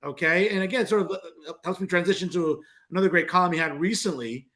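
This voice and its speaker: A man hosting a political talk show, interviewing a guest in an animated, opinionated way. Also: sits high. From New Jersey. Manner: animated, opinionated, fast asides. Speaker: show host.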